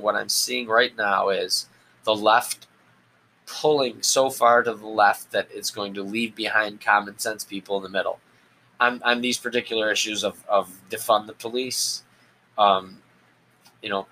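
A man hosting a solo podcast, talking in a rambling, halting way with many restarts. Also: on the low side, sharp tone, a little hiss or hum, rough recording. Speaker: podcast host. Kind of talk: solo political commentary podcast.

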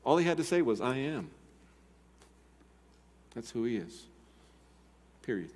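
An older man preaching a sermon as pastor, swinging between loud urgent appeals and quiet, slow emphasis. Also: medium pitch, big pitch swings, a little hiss or hum. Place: church sanctuary. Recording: long hall reverb.

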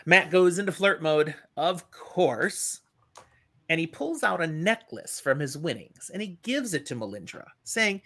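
Middle-aged male host: lively recapper, bright, very expressive pitch. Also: measured pace. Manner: animated retelling, acting out the characters. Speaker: podcast host. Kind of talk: casual book discussion.

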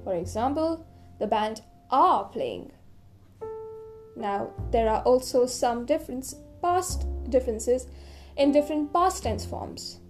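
A woman's voice: a little high, warm tone. A young woman hosting an educational podcast, reading a script in a playful, chatty way with jokey asides. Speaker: podcast host explaining English dialects.

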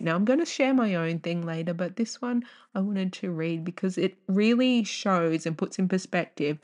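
A young woman hosting a casual solo podcast, rambling off on tangents with loud bursts of exclamation. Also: on the low side. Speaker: podcast host.

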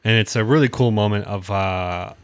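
A man's voice: lowish voice, normal speed, clean tone, no echo, studio quality. A man co-hosting a casual chat, retelling episodes at length with crude jokes and fillers. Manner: storytelling recap, crude jokes, filler words. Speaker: podcast co-host recapping episodes.

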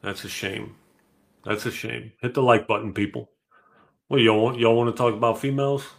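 A man's voice: medium pitch, fairly even intonation, moderate pace, vocal fry. A middle-aged man hosting a live podcast, talking in a blunt, profane, casual way. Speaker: podcast host. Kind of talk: casual live-stream chat.

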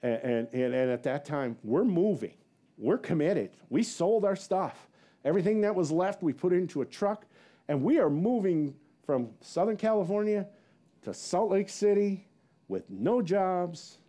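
A male pastor preaching a sermon as a rambling personal story, acting out what people said with big swings in his voice and laughing at himself. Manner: animated, acts out quotes with big pitch jumps; rambling with many fillers and self-laughs.

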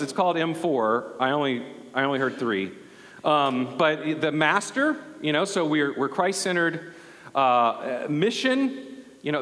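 A male pastor telling a story in a relaxed, conversational sermon, often restarting his sentences. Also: fairly high pitch, big-room sound.

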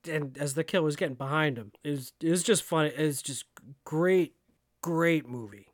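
A man's voice: fairly high pitch, normal speed, no echo, studio quality. A man co-hosting a podcast in casual chat, rambling with lots of fillers as he talks it through. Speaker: podcast co-host.

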